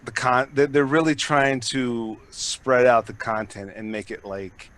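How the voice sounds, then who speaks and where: A man's voice: mid-range voice, steady tone, unhurried, fairly bright tone. A man hosting a podcast in loose, rambling chat. He swears freely and piles on fillers as he talks. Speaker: podcast host. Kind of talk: casual chat.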